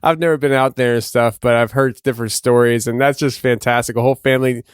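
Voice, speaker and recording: Male podcast host, smooth resonant voice, dry close sound, enthusiastic casual reactions. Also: medium pitch, steady tone, fast, dry recording. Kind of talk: casual chat.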